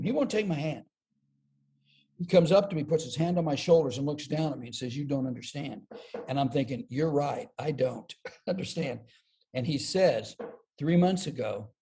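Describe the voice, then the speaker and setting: An older man, a comedian and speaker, telling a personal story as a podcast guest, lively and self-deprecating, acting out the quotes. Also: a little high. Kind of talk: storytelling an anecdote.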